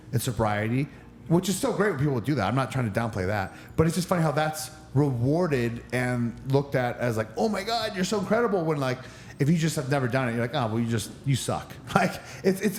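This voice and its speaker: A man's voice: medium pitch, darkish tone, a little hiss or hum. A man in his forties from Northern California, a wrestler telling stories as a podcast guest, rambling with many restarts, nursing an injured knee. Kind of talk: casual podcast interview.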